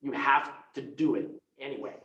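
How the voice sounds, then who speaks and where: A man giving an energetic motivational sales coaching talk as a real estate team leader, acting out phone conversations in excited voices. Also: medium pitch, moderate pace, roomy sound, lo-fi sound.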